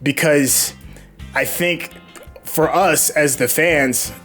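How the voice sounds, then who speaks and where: A man hosting a casual TV episode review, talking in an animated, opinionated way and asking his co-host questions. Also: fairly high pitch, drawn-out words, faint music behind. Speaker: show host reacting to a TV episode.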